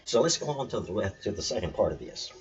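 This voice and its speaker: A man's voice: on the low side, big pitch swings, fast talker, a little mellow, recorded from a distance. A man teaching about scripture in an earnest, emphatic way that repeats its points. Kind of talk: spiritual teaching talk. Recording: dull lo-fi sound, mic set back.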